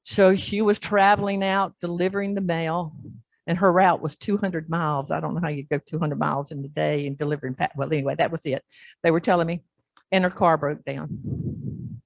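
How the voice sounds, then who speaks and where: A woman pastor delivers a sermon story in a lowish voice. She acts out each scene with lively animation, and the sound is close and dry with no room echo. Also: normal speed, creaky. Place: church.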